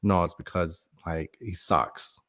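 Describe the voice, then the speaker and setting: Low-voiced man rambling on a livestream. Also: fairly even intonation, slow, fairly bright tone. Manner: rambling, conspiratorial, reads viewer comments aloud. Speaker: livestream host. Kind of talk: casual livestream talk.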